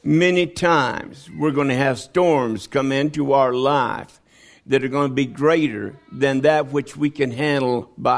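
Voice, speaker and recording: A man preaching a sermon, dropping low and quiet, then rising into loud, high pleading as he acts out the voices of people in the story.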